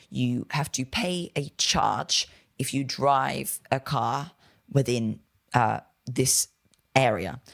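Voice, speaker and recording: A man's voice: medium pitch, gravelly, a bit bright. A British man co-hosting a podcast, talking casually with frequent fillers and corrections. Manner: chatty, with many fillers and self-corrections. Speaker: podcast co-host.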